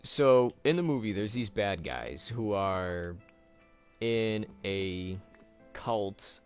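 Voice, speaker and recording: A man's voice: lowish voice, animated, drawn-out words, clear, resonant tone, soft background music. A man hosting a let's play, chatting casually and rambling loosely as he tells a long story. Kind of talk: casual chat while gaming.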